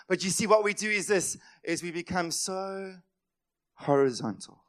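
High-voiced impassioned pastor. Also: male voice, moderate pace. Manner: impassioned, swings between loud emphatic lines and quiet asides; acts out voices of worried people. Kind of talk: sermon.

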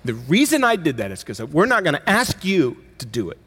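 A middle-aged man, a pastor, preaching a sermon in a conversational way, with emphatic rises and quick self-corrections. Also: on the high side, wildly swooping pitch, a bit bright, slightly rough.

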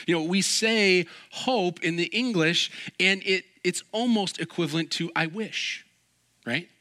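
A man preaching a sermon, animated, acting out little quoted voices and joking with his listeners. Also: fairly high pitch, a little slow. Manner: animated, acts out quoted voices, jokes and laughs. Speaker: pastor.

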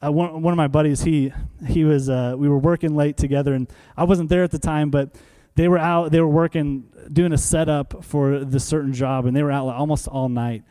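A male preacher gives a sermon in a church. His voice sits a little high yet sounds warm and mellow, with nothing sharp in it. He talks with the congregation, asking questions and answering them himself, and repeats key phrases to drive them home. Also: fairly even intonation, fairly quick, few pauses. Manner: conversational, asks the room questions and answers them.

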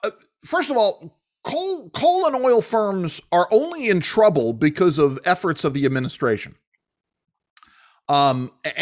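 Animated, halting male talk show host. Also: a little high. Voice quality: animated, halting, many restarts and fillers. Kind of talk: political talk show commentary.

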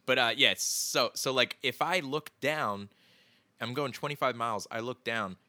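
A man's voice: mid-range voice, moderate pace, sharp tone, no room sound, studio quality. A young man from the Philadelphia area, rambling through stories in casual podcast chat, swearing and laughing easily. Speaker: podcast guest.

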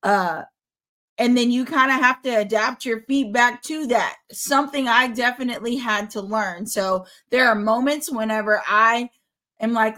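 A woman with a fairly high voice co-hosts a casual faith podcast with her husband. She talks candidly and reflectively about her own marriage, with a playful edge. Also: moderate pace, bright, forceful tone. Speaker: podcast co-host.

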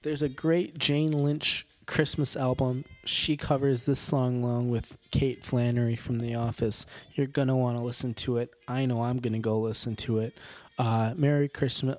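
A man hosting a podcast, signing off in a rambling, jokey way with a hoarse, strained voice and many fillers. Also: mid-range voice, level tone, moderate pace. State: hoarse, sore throat with coughing. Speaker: podcast host. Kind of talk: casual podcast sign-off.

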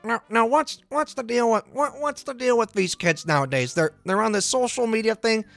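A man's voice: moderate pace, gravelly, a bit bright, no room sound, faint music behind, heavily acted. A man doing a grumpy, stammering co-host. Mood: grumbling. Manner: higher, stammering, grumbling. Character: grumpy middle-aged man, fed-up podcast co-host.

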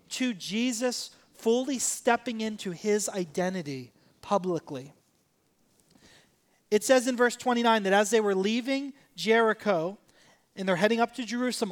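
A man preaching a sermon, animated, acting out quoted voices and swinging from soft to loud. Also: high-pitched. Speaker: pastor.

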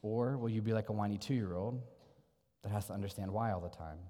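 A man's voice: on the low side, brisk, warm tone, in a large hall. A man preaching a sermon in an earnest, conversational way, asking his listeners rhetorical questions. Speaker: pastor.

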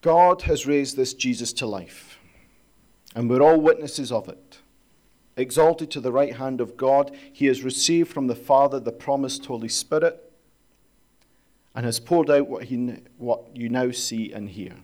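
A man's voice: medium pitch, measured pace, a little mellow. A male pastor preaching a sermon in a conversational, storytelling way, asking rhetorical questions.

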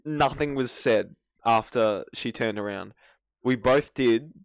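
A man's voice: medium pitch, slow pace, dry recording. A young man, co-hosting a casual podcast, laughing often and agreeing along. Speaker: podcast co-host. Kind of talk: casual chat.

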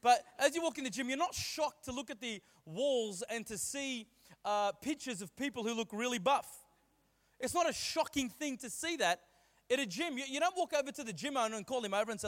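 A man's voice: extremely high pitch, expressive, moderate pace, a bit bright. A man preaching a sermon to a church with playful jokes and exuberant asides. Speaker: guest preacher. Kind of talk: sermon with banter. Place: church hall. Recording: long church-hall reverb.

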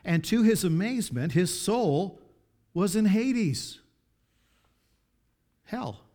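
A man preaching a sermon, reading scripture aloud and commenting, with dramatic swings from hushed pleas to loud appeals. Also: sits high, lively intonation, slow pace.

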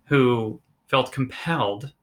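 A man's voice: medium pitch, slow pace. A male podcast host who talks reflectively and stops to unpack the meaning in his guest's story. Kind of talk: casual interview chat.

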